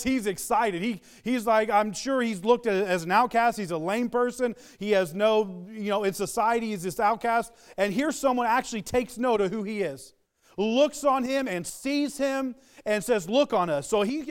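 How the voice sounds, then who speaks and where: A man's voice: high-pitched, clear, resonant tone. A man preaching a sermon, retelling a story with earnest, building emphasis.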